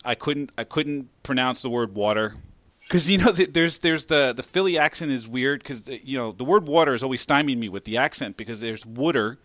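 Podcast host guy, laughs a ton, swears, dry sound, regular pitch. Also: fairly quick, dry recording. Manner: laughs often, swears casually, animated. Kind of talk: casual podcast chat.

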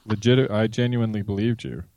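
A man's voice: lowish voice, fairly quick, dark tone, highs cut off, slight background noise. A man co-hosting a casual podcast chat, griping at length with frequent restarts. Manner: rambling, gripes with restarts. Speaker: podcast co-host.

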